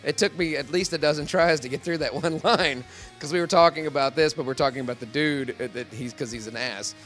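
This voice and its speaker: A man's voice: a little high, fairly quick, fairly bright tone, soft background music. A man who works as a professional voice actor, talking in a casual convention interview, rambling and laughing often.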